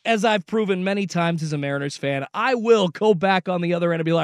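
A man co-hosting a sports radio show, arguing his points in an animated, casual way. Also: sits high, fairly quick, few pauses, dry recording, studio quality. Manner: animated, argumentative.

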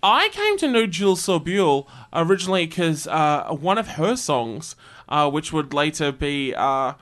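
A man hosting a casual music review chat, animated and quick to act out quotes. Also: on the high side. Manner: animated, acts out quotes with laughs. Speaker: host.

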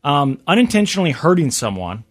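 A man's voice: fairly high pitch, sing-song, fairly quick. A male radio host chatting casually and reading out survey figures.

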